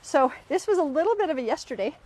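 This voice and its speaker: A woman's voice: high voice, fast talker. A middle-aged woman hosting a live self-help session, talking casually and with plenty of animation to her audience, and often acting out the voices of people in her stories. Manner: animated storyteller, often acts out quoted voices. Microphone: livestream camera mic.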